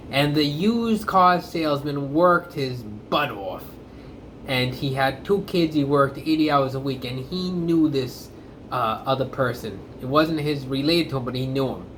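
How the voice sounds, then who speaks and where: A man's voice: mid-range voice, slight background noise. A man telling a story and giving blunt, emphatic opinions in a monologue to camera. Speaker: comedic commentator.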